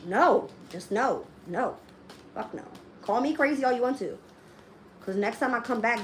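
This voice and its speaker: A woman's voice: a little high, normal speed, a little hiss or hum. A woman tarot reader in a casual live-stream rant, blunt and profane, often laughing as she talks. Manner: laughs often while talking.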